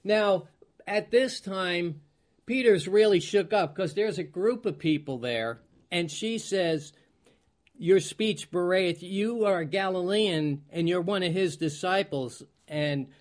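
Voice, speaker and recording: Casting: male pastor, unhurried Bible study delivery, somewhat high voice, clears his throat while hunting for verses. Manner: slow, searching, clears throat, loses place; reads scripture aloud in King James wording. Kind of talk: Bible teaching.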